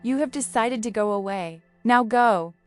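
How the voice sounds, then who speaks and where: A woman's voice: a little high, moderate pace, faint music behind, lightly acted. A woman voicing a proud, stubborn female flower who hides her sadness behind a haughty, tender manner.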